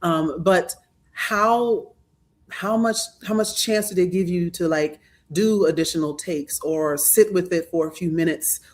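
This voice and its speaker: A woman's voice: on the low side, unhurried, a little mellow. A woman moderating a voice-acting panel, asking questions in a chatty, conversational way. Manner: asks questions, chatty, backchannels. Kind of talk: panel discussion.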